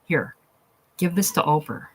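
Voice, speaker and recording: A husky-voiced reader voicing a jittery, nervous old man in a play reading. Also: mid-range voice, animated, a little slow, low-quality recording.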